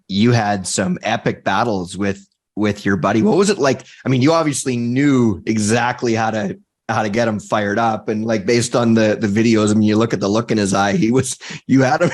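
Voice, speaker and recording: A man co-hosting a podcast who asks long, rambling, eager questions full of fillers. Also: on the low side. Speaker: podcast co-host. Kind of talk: casual interview chat.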